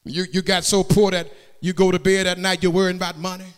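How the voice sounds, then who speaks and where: A man preaching a sermon in a church, swinging from plain talk into shouted, sung cadences and calling out to the congregation for answers. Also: sits high, little pitch movement, brisk, smooth. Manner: calls out to the congregation for response. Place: church sanctuary. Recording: long hall reverb.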